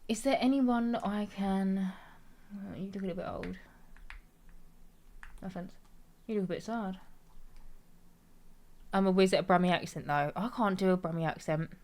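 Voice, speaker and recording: Brief: female game streamer, lower-pitched, casual rambling chat with lots of laughter. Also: normal speed, pauses often, darkish tone. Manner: giggly, chatty, rambling. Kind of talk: casual gameplay commentary.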